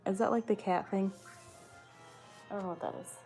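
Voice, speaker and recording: A woman's voice: mid-range voice, animated, moderate pace, creaky, mellow, faint music behind. A young woman streaming from home, chatting casually with her viewers, swearing freely and answering their comments. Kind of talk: casual chat.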